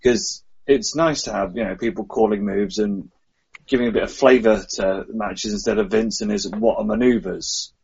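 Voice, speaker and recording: A man's voice: lowish voice, fairly even intonation, normal speed, vocal fry, darkish tone, slightly rough, muffled recording. A man co-hosting a podcast, offering enthusiastic opinions in casual chat. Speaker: podcast co-host.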